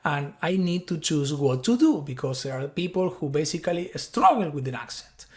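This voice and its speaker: A man's voice: a little high, expressive, normal speed, a little mellow. A man from Argentina, a native Spanish speaker with an Argentine accent, giving an earnest, persuasive tech conference talk built around an analogy.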